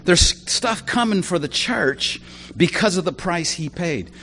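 Animated conversational male preacher. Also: high voice, measured pace, a little hiss or hum. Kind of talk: sermon.

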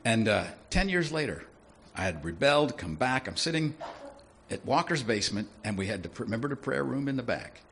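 A man preaching a sermon in a lively, conversational way, often asking his listeners questions. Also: mid-range voice, fairly quick, vocal fry, a little hiss or hum. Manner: animated, conversational, asks the audience questions.

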